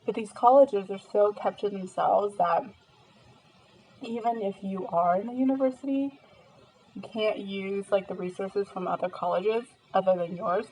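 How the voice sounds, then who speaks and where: A young American woman talks casually while eating, her story full of fillers and asides. Her pitch is mid-range for a woman, and a faint background hiss sits under her voice. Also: normal speed, warm tone, rough recording. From United States. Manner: chatty storytelling, many fillers, eating between lines. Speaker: vlogger.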